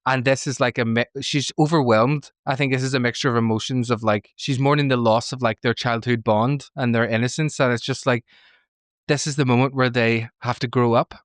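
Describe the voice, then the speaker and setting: Male podcast co-host, casual and animated, laughs often; dry close sound. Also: mid-range voice, a little fast, dry recording. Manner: lively recapping with frequent laughs and acted-out quotes. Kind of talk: casual reaction podcast chat.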